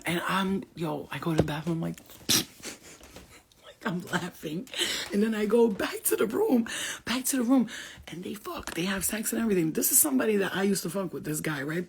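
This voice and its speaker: A woman host telling stories on a casual livestream, blunt, profane and animated. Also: medium pitch, creaky, a little hiss or hum. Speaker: host talking about spirit guides.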